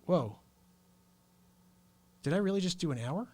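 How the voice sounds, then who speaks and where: A man's voice: high voice, animated, unhurried, dark tone, breathy edge. A man hosting his own talk stream, speaking in an earnest, upbeat, rambling way. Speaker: host. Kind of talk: casual solo livestream talk.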